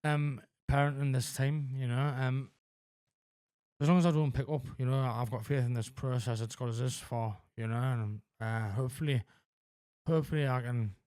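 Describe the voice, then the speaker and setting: A man in his forties talking candidly as a podcast guest, halting with lots of fillers and frequent swearing. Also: medium pitch, fairly even intonation, a little mellow, smooth, no echo, studio quality. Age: 40s. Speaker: podcast guest in addiction recovery. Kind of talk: candid conversational interview.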